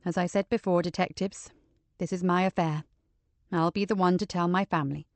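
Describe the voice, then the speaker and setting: A woman voicing a composed older mother confessing calmly to her family, her tone even and dignified. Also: fairly low pitch, fairly quick, no room sound, natural voice. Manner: even, controlled, softly dignified.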